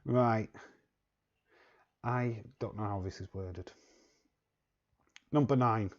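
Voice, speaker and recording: English male streamer, quiz host, unhurried and joking, low pitch. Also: highs cut off. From England. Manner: joking, chuckling, repeats words while reading chat. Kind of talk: casual live-stream chat.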